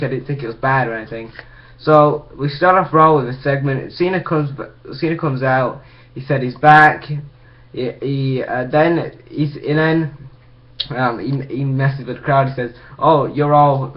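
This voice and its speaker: A man's voice: medium pitch, lo-fi sound. A man casually recapping a wrestling show for his video channel, rambling with frequent restarts. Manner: rambling, full of ums and restarts.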